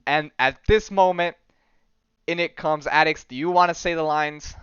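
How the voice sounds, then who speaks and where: A man's voice: fairly high pitch, fairly even intonation, moderate pace, fairly bright tone, clean tone, dry recording, lo-fi sound. A man hosting a podcast, casually retelling a comic storyline, quoting the characters and laughing often. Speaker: podcast host.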